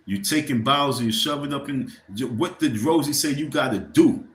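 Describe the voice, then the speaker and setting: A livestream host rants to his viewers in a rambling, heated, profane way, speaking directly to them and asking for likes. His mid-range voice moves at normal speed with few pauses, in an echoey room.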